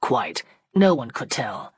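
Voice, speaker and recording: A woman reading an audiobook, lowering her voice to play a calm, matter-of-fact male surgeon. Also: slow pace, slightly rough, dry recording, exaggerated voice. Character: middle-aged male surgeon, calm and measured. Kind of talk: audiobook character voice.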